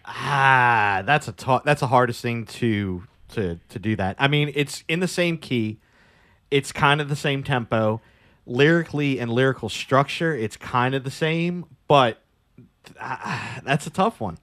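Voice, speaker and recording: A man's voice: mid-range voice, a little slow, a bit bright. A man co-hosting a casual talk show, agreeable and rambling, swearing casually. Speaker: podcast co-host. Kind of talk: casual radio-show banter.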